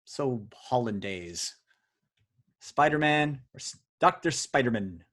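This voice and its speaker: A man's voice: medium pitch, animated, slow, fairly bright tone. A man hosting a live online word quiz over a video call, chatty and teasing as he jokes with the players. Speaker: quiz host. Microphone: video call audio.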